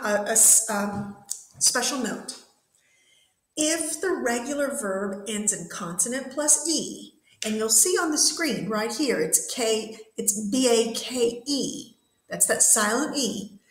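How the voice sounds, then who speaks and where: A woman's voice: a little high, echoey room, low-quality recording. A woman teaching an English grammar lesson in a classroom, patiently repeating and spelling out words. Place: classroom with whiteboard.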